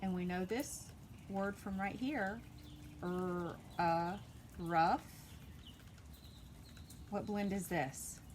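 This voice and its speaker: Pre-k teacher lady sounding out letters real slow for little kids, noisy home video. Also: on the low side. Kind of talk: recorded phonics lesson for young children.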